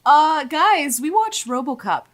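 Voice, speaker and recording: A woman's voice: high-pitched, sing-song, measured pace. A woman hosting a podcast in casual chat, teasing and laughing often. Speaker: podcast host.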